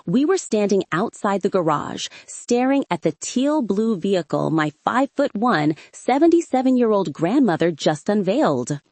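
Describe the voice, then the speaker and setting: Brief: woman audiobook narrator, wry and expressive, animated pitch, dry close studio sound. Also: normal speed, few pauses, dry recording. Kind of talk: scripted first-person narration.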